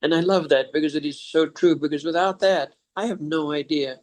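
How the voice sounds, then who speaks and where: A man's voice: on the high side, a little fast, a little mellow. An older man telling a heartfelt story to his son, reflective and at times choked up. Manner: reflective, chokes up and laughs through tears. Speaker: father sharing life lessons.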